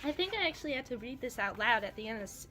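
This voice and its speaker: A woman in her twenties reading her old comics aloud to her cat, casual chat with a deadpan, wry manner. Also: a little high, rapid-fire.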